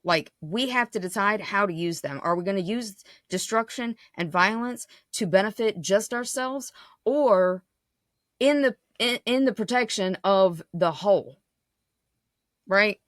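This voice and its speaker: A woman's voice: mid-range voice, a bit bright, no room sound, studio quality. A woman hosting a podcast, talking in a passionate, casual monologue that keeps checking in with "right?". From United States. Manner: passionate, frequent "right?" tags. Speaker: podcast host.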